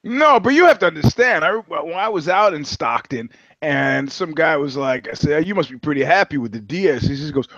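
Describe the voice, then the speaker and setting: A man's voice: a little high, a little fast, no echo. A man with a slightly raised voice chats on a podcast, swearing easily and mimicking the people in his anecdotes. The sound is dry and a bit muffled. He tells his stories with a lot of energy. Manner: animated storyteller, swears freely, acts out quoted voices. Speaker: podcast co-host. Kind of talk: casual chat.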